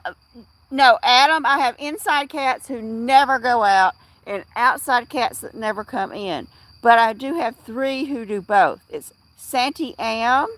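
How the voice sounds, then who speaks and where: Middle-aged woman host of a casual livestream; slow, halting talk full of fillers, answering chat by name. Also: medium pitch, a bit bright, dry recording. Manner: rambling, halting, with many fillers and restarts; replies to chat viewers by name.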